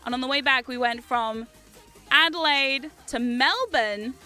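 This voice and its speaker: A young woman with a New Zealand accent, chatting casually as a livestream host, animated and quick to swear and laugh. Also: high-pitched, faint music behind. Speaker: streamer.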